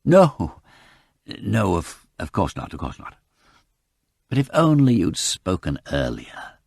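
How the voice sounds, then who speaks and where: A man voicing an earnest police detective who speaks in a gently reproving, imploring way. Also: sits low, wildly swooping pitch, takes it slowly, vocal fry, husky, no echo, studio quality, exaggerated voice.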